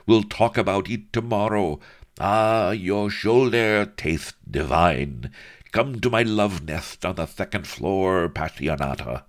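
A man's voice: low-pitched, lively intonation, slow pace, voice pushed up. A man voicing a portly, lecherous nobleman who pants and leers. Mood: lustful. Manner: leering, panting, crowing.

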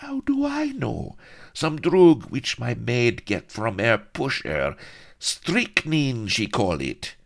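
Guy doing a high fluttery drama-queen spanish lady, swoops all over, slow and breathless. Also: wildly swooping pitch, vocal fry, exaggerated voice. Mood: frantic. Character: swooning melodramatic young Spanish lady.

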